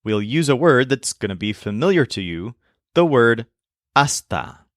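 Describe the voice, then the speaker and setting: Guy teaching a language lesson, really animated voice, clear explaining, dry close recording. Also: medium pitch, dry recording. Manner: clear explanatory delivery, slows down for example phrases. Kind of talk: scripted lesson narration.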